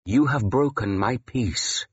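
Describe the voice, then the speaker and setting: A man's voice: medium pitch, slow, breathy edge, highs cut off, voice pushed up. A male narrator voicing a stern young king who rebukes with cold authority. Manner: stern, clipped.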